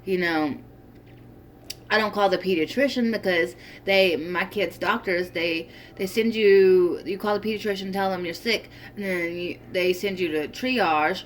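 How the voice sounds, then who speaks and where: A young woman chatting casually in a vlog, her voice sitting a little low for a woman. She rambles, circles back and fills gaps with ums and likes. A faint background noise runs under the recording. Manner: chatty, rambling, with many fillers and restarts. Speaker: vlogger.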